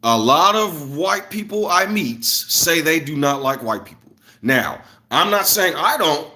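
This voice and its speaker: A young man from Illinois ranting casually on a livestream, loose and animated, jumping from loud bursts to muttered asides. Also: on the high side, unhurried. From Illinois, USA. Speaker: streamer.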